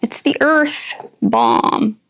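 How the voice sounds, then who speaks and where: A woman's voice: on the high side, wildly swooping pitch, drawn-out words, gravelly, fairly bright tone, a little hiss or hum. A woman reviewing products on her channel, chatting to viewers in a playful, put-on rural drawl as she unboxes. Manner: talks to viewers while opening items.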